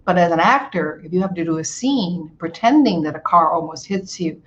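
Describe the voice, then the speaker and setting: A woman acting out a calm male acupuncturist explaining things patiently. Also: lowish voice, dull audio, a little hiss or hum, natural voice.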